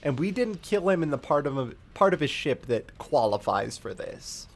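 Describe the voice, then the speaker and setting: A streamer rambling through a story recap with a very lively, up-and-down voice. The delivery is casual and profane, full of fillers like "like.". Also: medium pitch, normal speed.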